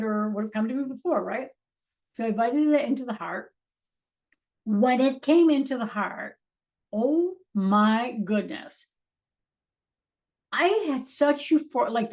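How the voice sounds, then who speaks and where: A woman's voice: mid-range voice, poor audio. Earnest woman sharing spiritual insights. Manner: earnest, animated storytelling with acted inner dialogue. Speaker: spiritual teacher. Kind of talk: casual spiritual talk.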